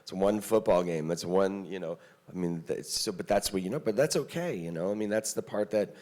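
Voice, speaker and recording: A man rattles quickly through a fan story on a convention panel, his voice fairly low. He keeps quoting the other person and drops "you know" into every other line. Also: mellow. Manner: chatty, quoting exchanges, many "you know"s. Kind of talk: casual panel anecdote.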